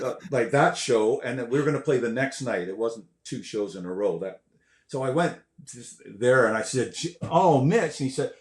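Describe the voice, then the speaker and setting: An older man, a guest musician, telling stories in a casual way, animated and swearing, acting out quotes and sounds. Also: medium pitch. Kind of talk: casual storytelling. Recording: roomy echo.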